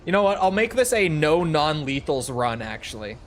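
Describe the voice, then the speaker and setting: A man's voice: on the high side, sing-song, normal speed, slight background noise. A man giving casual gameplay commentary, chatty and joking as he thinks aloud. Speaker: gaming video creator.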